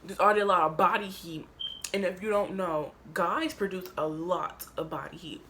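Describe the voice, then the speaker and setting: A young woman vlogger telling a rambling, animated storytime, repeating herself and getting sassy. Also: fairly low pitch, moderate pace, a little hiss or hum. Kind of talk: storytime vlog.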